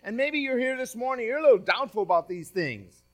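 A male pastor with a high, light voice delivers a sermon. He reads scripture with dramatic stress, rising loud on key lines and dropping to near-hushed asides. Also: lively intonation, a little fast. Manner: swings from loud emphatic reading to quiet asides.

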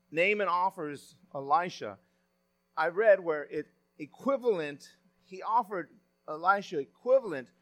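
Man, pastor, sermon, high voice, chatty preaching style with restarts. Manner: conversational preaching, with frequent restarts and retelling of stories.

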